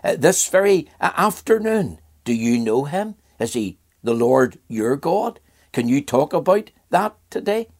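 A man's voice: on the high side, sing-song, a little slow, a little mellow. An older man from Ireland preaching a sermon in an earnest voice, asking rhetorical questions and repeating phrases.

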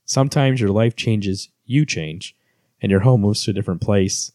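A man co-hosts a casual book club podcast, retelling scenes and reading passages aloud with plenty of fillers. His fairly low voice has a darkish tone and moderate pace, captured in a dry, studio-quality recording.

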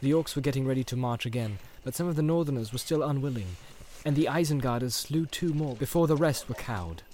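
A man reading an audiobook in steady storytelling narration. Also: mid-range voice, brisk. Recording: background noise.

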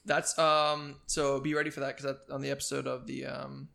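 A man's voice: mid-range voice, flat delivery, creaky, a crowd in the background. A man co-hosting a casual podcast, joking and swearing, often stopping and restarting his sentences. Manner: joking, profane, halting with restarts. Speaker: podcast co-host. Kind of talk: casual chat.

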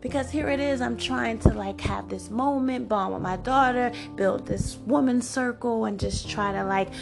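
A woman in her forties hosting a podcast, telling a personal story in a chatty, animated way full of "like" and "you know". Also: a little high, moderate pace, vocal fry. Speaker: podcast host. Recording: music playing underneath. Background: background music.

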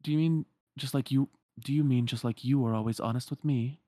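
A man's voice: mid-range voice, steady tone, fairly quick, dark tone, no echo, clean studio sound, close to an everyday voice. A man voicing a loyal, blunt young man from a game, in a casual, near-natural voice.

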